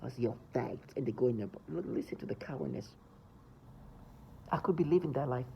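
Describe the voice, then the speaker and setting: Gravelly, agitated man ranting. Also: medium pitch, lively intonation, quick pace, lo-fi sound, slight background noise. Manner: agitated, insistent, rambling. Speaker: vlogger. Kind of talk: emphatic monologue to camera.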